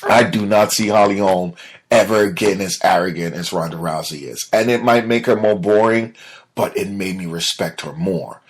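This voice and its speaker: Speaking at a moderate pace, a podcast host with a deep, faintly husky voice recounts his week, chatting loosely as though among friends. His storytelling is lively and energetic, though he slips into a quiet mutter whenever something irritates him.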